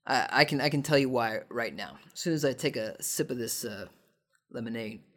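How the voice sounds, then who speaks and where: A man's voice: medium pitch, lively intonation, moderate pace, a bit bright. A man hosting a podcast, answering listener questions in a rambling, tongue-in-cheek monologue full of false starts and repeated words. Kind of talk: casual comedic monologue.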